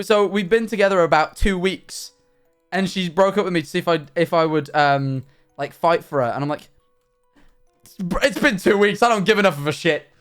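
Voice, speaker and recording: A man's voice: fairly high pitch, clean tone. A man livestreaming in casual chat with his viewers, ranting animatedly and swearing often.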